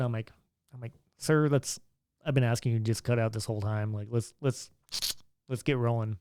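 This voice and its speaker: A man's voice: medium pitch, fairly even intonation, fairly quick, dark tone, clear, resonant tone, dry recording. A young man telling a story in a laid-back, chatty way, acting out what others said. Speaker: vlogger. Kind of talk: casual storytelling.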